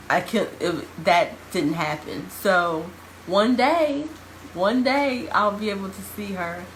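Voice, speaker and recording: A young woman talks to the camera in a casual vlog, speaking directly to her viewers. She is emphatic and repeats key phrases for weight. Her voice sits in a middle pitch, with faint noise behind her. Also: a bit bright, poor audio. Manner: addresses viewers informally. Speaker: vlogger.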